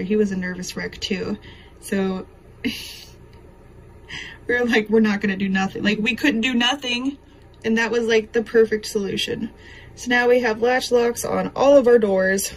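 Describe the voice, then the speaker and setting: A woman's voice: mid-range voice, slight background noise, low-quality recording. A woman, telling a story to camera at home in a rambling, emotional way with many fillers. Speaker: craft vlogger. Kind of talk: casual chat to camera.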